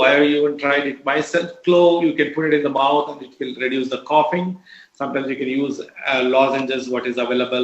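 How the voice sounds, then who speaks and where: A middle-aged man from India with an Indian English accent, giving a measured medical lecture with many "uh" fillers. His voice is strained and lower than his usual. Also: fairly bright tone. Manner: measured, explanatory, frequent uh fillers. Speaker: doctor giving a health talk. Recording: echoey, dull lo-fi recording.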